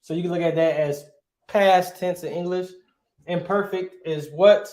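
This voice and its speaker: A man's voice: high-pitched, fairly even intonation, normal speed, darkish tone, reverberant. A male teacher giving a grammar lesson, asking his class questions and answering them himself, often checking with "right?".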